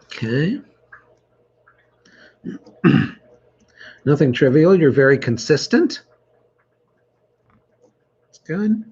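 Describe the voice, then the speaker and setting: A man's voice: fairly high pitch, very animated, extremely slow, long pauses, darkish tone, husky, dull audio. A middle-aged man hosting an online trivia night, reading questions and answers with dry teasing humor. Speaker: trivia host. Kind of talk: reading quiz questions and answers, joking banter.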